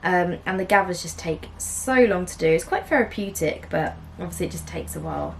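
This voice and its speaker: Young woman, home sewing vlogger, gentle and chatty with soft laughs, talking straight to camera. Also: fairly low pitch, fairly quick, creaky, hardly any pauses, slight background noise. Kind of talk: casual chat to camera. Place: small room at home.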